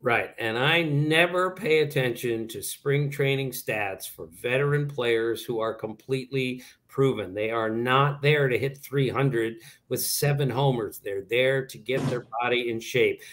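A man's voice: medium pitch, unhurried, hardly any pauses. A man in his sixties from Maryland, a baseball writer telling stories in a casual interview and acting out what people said. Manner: animated, tells anecdotes and puts on voices for quoted people.

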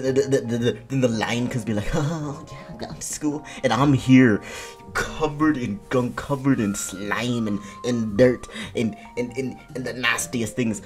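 A man's voice: medium pitch, a little mellow. A young man telling a storytime rant in an exasperated, repetitive way, tripping over his words. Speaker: vlogger. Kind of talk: ranting storytime.

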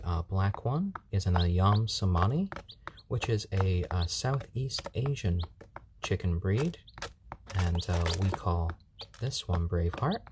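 Calm, soothing man with a low voice. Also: very noisy. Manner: calm, soothing, gentle baby talk to chicks. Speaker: live-stream host. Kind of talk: casual live-stream chat. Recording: chirping baby chicks behind.

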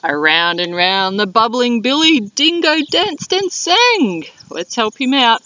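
A woman teacher reading a picture book aloud to young children in an animated, drawn-out way. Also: a little high, far from the mic. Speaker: primary school teacher. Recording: dull lo-fi video sound.

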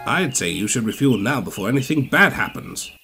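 A man's voice: medium pitch, animated, fairly quick, close to an everyday voice. A man voicing a cautious, plain-spoken engine driver in a matter-of-fact tone, with music behind. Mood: firm.

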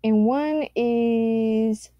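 A woman's voice: a little high, drawn-out words, no echo, highs cut off. A woman giving casual commentary on fan art, gushing and cooing with some casual swearing. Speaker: YouTuber reacting to fan art.

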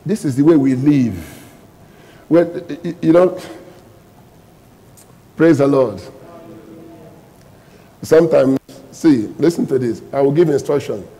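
A man preaching a sermon as pastor, calling out questions to the congregation and bursting into loud emphatic lines. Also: medium pitch, slow pace, pauses often, big-room sound, low-quality recording.

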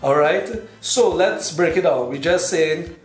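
A man's voice: a little high, measured pace. A man from Trinidad with a Trinidadian accent, patiently walking viewers through a casual tutorial and checking in with "all right" as he goes. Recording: echoey room with faint music.

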